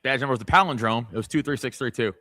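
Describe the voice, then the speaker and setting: A man's voice: medium pitch, pushed and bright. A man, a former police officer co-hosting a casual podcast, talking profanely and laughing as he tells stories. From New York City. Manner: fast, profane, laughing storyteller.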